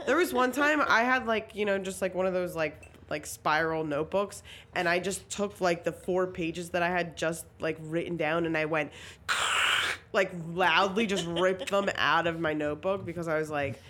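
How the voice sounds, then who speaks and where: A woman's voice: fairly low pitch, moderate pace, a bit bright. A young adult woman hosting a podcast, chatting casually with lots of fillers and the odd swear word. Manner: laid-back, swears freely, lots of "like" fillers. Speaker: podcast host. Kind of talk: casual chat.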